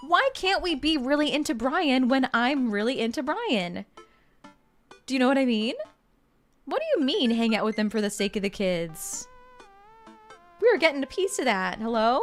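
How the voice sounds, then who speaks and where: A young woman streamer plays through a video game, talking in a chatty, playful way as she reads its text aloud. Her voice sits a little high for a woman. Faint music plays in the background. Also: expressive, moderate pace. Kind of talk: casual game playthrough commentary.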